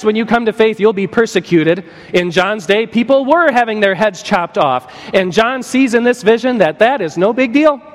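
A man preaching an animated sermon as a pastor, playful and joking, acting out little voices as he tells the story. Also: high voice. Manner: playful, acts out voices and jokes. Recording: long hall reverb.

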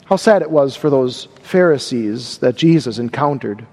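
Emphatic preacher in an echoing hall. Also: male voice, medium pitch, lively intonation, moderate pace, a little mellow. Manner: emphatic, repeats words for stress. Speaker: pastor. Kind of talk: sermon.

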